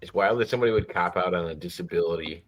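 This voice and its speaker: A man with a lowish voice hosts a relaxed online panel, laughing often and keeping things easygoing. He sounds like he is on a video call. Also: rapid-fire. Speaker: host. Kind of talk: casual online panel chat.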